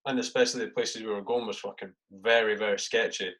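A man's voice: on the low side, fairly even intonation, quick pace, a bit bright. A man, a soldier, casually telling stories in a podcast chat, swearing constantly and saying mate a lot.

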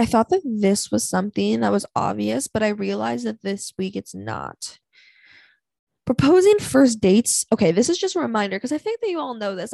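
A young woman in her twenties hosts a candid solo podcast with a noticeably gravelly, fry-heavy voice. She talks bluntly and dramatically, swearing freely and sighing often. The sound is close and dry, with no room echo. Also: mid-range voice, a little mellow. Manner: blunt, profane and dramatic, with frequent sighs. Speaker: podcast host.

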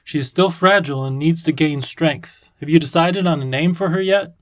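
A kindly, courteous old professor who talks gently and with measured politeness, as a man reads him. His voice is a touch high. The sound is dry and close. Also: dry recording, lightly acted. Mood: gentle.

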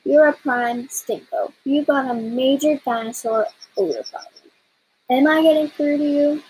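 A woman's voice: high-pitched, normal speed, darkish tone, slight background noise, lightly acted, rough recording. A woman voicing a bossy, brash little female bird who scolds and wisecracks bluntly in a storybook reading. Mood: scolding.

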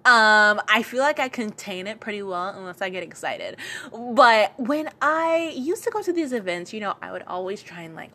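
A woman's voice: mid-range voice, moderate pace, pushed and bright. A young woman from Charleston, South Carolina, with a light Geechee accent, telling her story casually with many fillers and repeated lines. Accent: light Gullah Geechee, Lowcountry South Carolina. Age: young adult.

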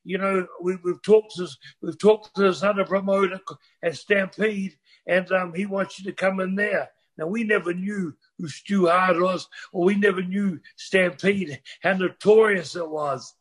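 High-voiced older New man. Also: steady tone, measured pace, slightly rough. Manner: rambling, restarts, swears freely. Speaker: guest storyteller. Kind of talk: casual storytelling chat.

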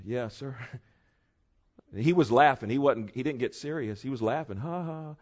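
Male preacher, sermon delivery, anecdotal, builds to emphatic loud peaks. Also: medium pitch, normal speed.

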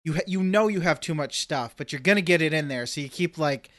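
Casual podcast co-host, man, lively storyteller, dry close sound. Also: fairly high pitch, fairly quick, hardly any pauses, no room sound. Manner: animated storyteller, acts out his own reactions.

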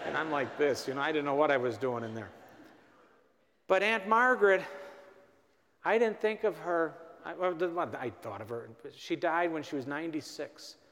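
A priest preaches to his parish in a folksy, storytelling way and slips in gentle humor. His voice sits a little high for a man. The sound rings out with the long reverb of a church. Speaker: priest leading a parish mission. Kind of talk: sermon.

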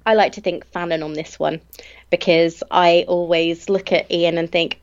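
A woman co-hosting a casual podcast, chatting with eager fan enthusiasm. Her voice sits a little low, and her mic sounds dull and lo-fi. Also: fairly even intonation, normal speed, clean tone. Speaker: podcast co-host. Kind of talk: casual chat.

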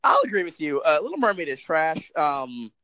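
A man's voice: fairly high pitch, very animated, moderate pace, sharp tone, no echo, rough recording. A young man co-hosting a casual chat, rambling with lots of fillers, swearing and laughing often. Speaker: podcast co-host.

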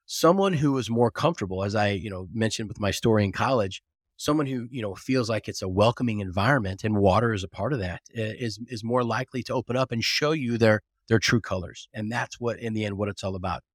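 A man guest on a casual podcast interview, an animated storyteller who restarts often and leans on "you know". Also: lowish voice, fast talker, no echo, clean studio sound. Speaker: guest, agribusiness recruiting consultant.

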